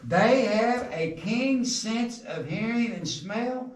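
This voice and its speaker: Speaking slowly but with animation, a middle-aged man guides a group through a coal mine, his fairly high voice echoing in the tunnels. Folksy jokes, stories and quiz questions fill his talk, recorded from afar over faint background noise.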